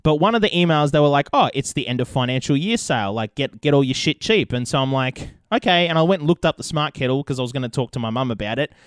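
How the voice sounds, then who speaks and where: A man's voice: medium pitch, lively intonation, fast talker, few pauses, clear, resonant tone, dry recording, clean studio sound. A young Australian man hosting a podcast, telling a rambling story with plenty of swearing in casual chat. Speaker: podcast host.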